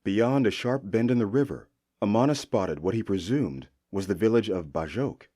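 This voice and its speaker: A male audiobook narrator with a low, husky voice, telling a fantasy tale in an expressive way. His tone is dark and mellow, and his pitch moves in a lively way through the sentences. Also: normal speed. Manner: expressive storytelling delivery.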